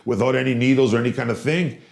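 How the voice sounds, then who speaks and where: A man's voice: medium pitch, fast, creaky. Blunt, profane man in a roomy space. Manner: blunt and profane, cuts others off. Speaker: podcast co-host. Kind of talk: casual chat. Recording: roomy echo.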